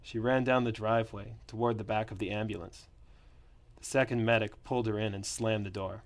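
A man narrating a first-person story in a plain, steady reading voice. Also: fairly low pitch, fairly quick.

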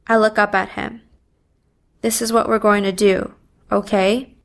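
A woman reading a first-person story aloud in a subdued, even manner. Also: mid-range voice, creaky. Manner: slow, even, subdued delivery. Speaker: narrator.

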